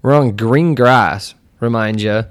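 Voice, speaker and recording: Young male podcast host, smooth resonant voice, dry close sound, loose profane storyteller. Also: medium pitch, slow, no echo. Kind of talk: casual storytelling chat.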